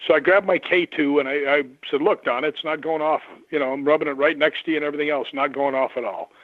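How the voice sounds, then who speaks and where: A man who investigates the paranormal, telling lively stories and acting out the voices of the people in them. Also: on the high side, quick pace, no echo. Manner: animated anecdotes, acts out quoted voices. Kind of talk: storytelling on a radio call-in. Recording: tinny phone line.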